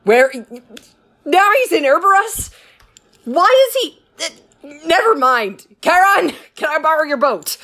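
A woman's voice: a little high, moderate pace, fairly bright tone, lightly acted. Theseus, a woman doing a brash young champion. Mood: indignant. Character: boastful cocky male arena champion.

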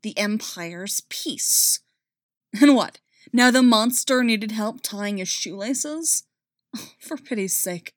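Slow, expressive woman reading a story. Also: on the high side, dry recording, clean studio sound. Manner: expressive, rising and falling with the drama. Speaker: reader.

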